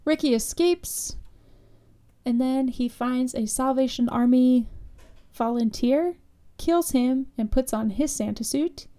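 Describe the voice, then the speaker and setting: A woman's voice: high-pitched, slow pace, mellow. Sarcastic woman recapping a movie. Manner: sarcastic, rambling recap with filler words. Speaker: podcast co-host. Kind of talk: casual movie recap chat.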